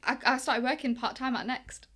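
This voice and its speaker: This young Englishwoman has a high-pitched voice with a breathy edge and talks at a normal speed. A boxing coach on as a guest, she shares stories in a casual interview, lively and chatty, acting out what people said.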